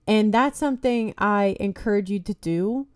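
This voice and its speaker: A woman's voice: mid-range voice, moderate pace, clear, resonant tone, no room sound, clean studio sound. A young woman hosting a casual solo podcast, speaking candidly with lots of swearing, "like" and "you know", encouraging her listeners. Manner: encouraging, addresses listeners as "guys". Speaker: podcast host.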